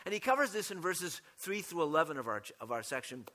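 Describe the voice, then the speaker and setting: High, bright-voiced male preacher. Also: very animated, fast. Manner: expository preaching with rhetorical questions and restarts. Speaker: pastor. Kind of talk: sermon.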